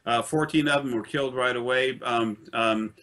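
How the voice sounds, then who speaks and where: A man telling a long personal story in casual speech, halting often with fillers and restarts and swearing bluntly. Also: medium pitch, fairly even intonation, fairly bright tone. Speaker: interviewee.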